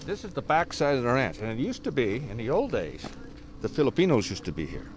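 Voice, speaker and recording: An older man, an author and guide, telling local history and reading aloud from his book with many hesitant pauses. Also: medium pitch, huge pitch swings, background noise.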